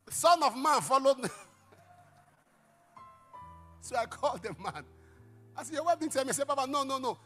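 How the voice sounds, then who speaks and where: A middle-aged male pastor preaching a sermon, telling stories dramatically with sudden shouts and hushed asides. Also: extremely high pitch, animated, moderate pace, long pauses, soft background music. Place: church service.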